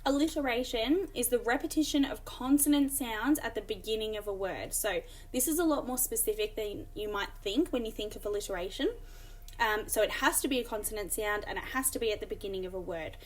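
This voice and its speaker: A woman's voice: fairly high pitch, brisk. A woman teacher explaining a lesson and reading examples aloud, with frequent ums. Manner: explanatory, many fillers, reads examples aloud. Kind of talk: recorded classroom lesson.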